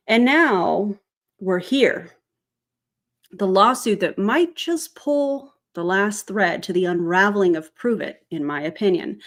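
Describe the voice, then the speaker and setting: A woman hosting a casual commentary vlog, chatty, tossing in sarcastic asides and correcting herself as she goes. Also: mid-range voice. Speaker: commentary channel host.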